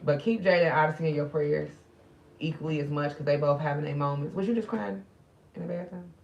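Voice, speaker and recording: A middle-aged woman, a spiritual reader streaming live, speaks loosely and directly to her viewers in a deep, gravelly voice at a fairly quick pace. She is grieving and subdued, and the lo-fi audio carries a slight hiss or hum.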